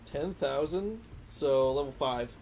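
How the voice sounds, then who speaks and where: A man's voice: medium pitch, expressive, slow, a little mellow. Joking male tabletop player, mid voice, noticeable background noise. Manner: joking, laughing often.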